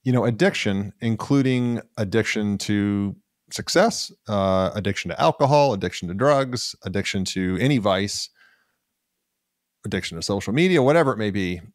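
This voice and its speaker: A man's voice: on the low side, normal speed, dry recording, clean studio sound. A man hosting a podcast interview, eager and given to repeating his phrases for emphasis. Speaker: podcast host.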